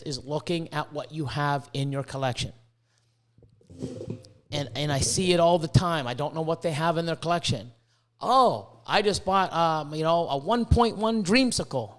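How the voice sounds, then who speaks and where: A Canadian man hosting a podcast, ranting excitably with lots of swearing and stumbling restarts. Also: fairly high pitch. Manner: profane, excitable, with many restarts. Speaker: podcast host. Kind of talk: casual podcast rant.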